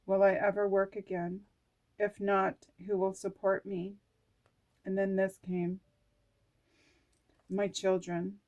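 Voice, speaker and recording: With the highs cut off, a woman's mid-range, slightly mellow voice comes through monotone and slow, marked by long pauses. She reads her oracle cards and journal notes aloud in an emotional, musing, reflective way, sometimes swearing casually.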